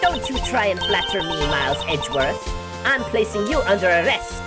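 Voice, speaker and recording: A woman's voice: medium pitch, very animated, moderate pace, over loud music, pitched above the performer's own voice, natural voice. Woman putting on a haughty German prosecutor. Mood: scolding. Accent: put-on German. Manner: haughty, scolding. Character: stern proud young female prosecutor. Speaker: streamer voicing game characters.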